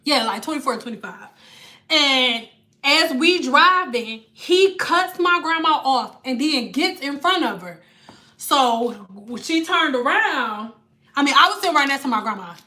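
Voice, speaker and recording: A woman telling a story on a casual vlog, animated and profane, with laughing asides. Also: high voice, a little slow. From Detroit. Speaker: vlogger.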